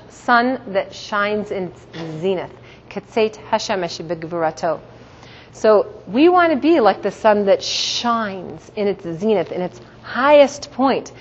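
A middle-aged woman giving a religious teaching talk to a group, telling stories warmly and laughing often. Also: medium pitch. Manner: warm, storytelling, laughs often. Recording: dull sound in a reverberant hall.

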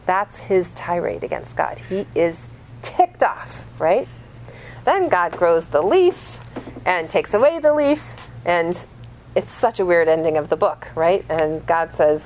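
Woman teacher, lowish voice, lively storytelling lesson with questions to the room. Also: slow, slight background noise, rough recording. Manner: animated storyteller, asks the class questions. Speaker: religious teacher.

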